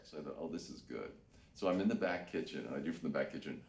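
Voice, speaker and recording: A low-voiced man tells a story slowly, then leaps far up and down in pitch. The room is echoey around him. He is a voice actor speaking in an interview. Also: sing-song, darkish tone.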